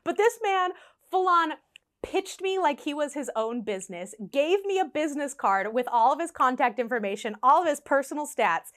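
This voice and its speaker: A young woman vlogger telling a funny dating story in a casual storytime, animated and often laughing as she acts out what people said. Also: high-pitched, fairly quick.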